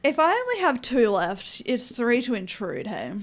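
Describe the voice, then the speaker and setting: A woman's voice: a little high, big pitch swings, normal speed, crowd noise. A woman playing in a tabletop game, chatting playfully and giggling often. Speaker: player, guest. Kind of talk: casual tabletop game play.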